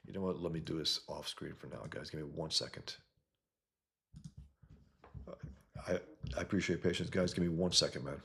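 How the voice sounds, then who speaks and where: A man's voice: a bass voice, steady tone, normal speed, creaky, long pauses. A man hosting a casual livestream, reading chat comments and rambling bluntly, often trailing off mid-sentence.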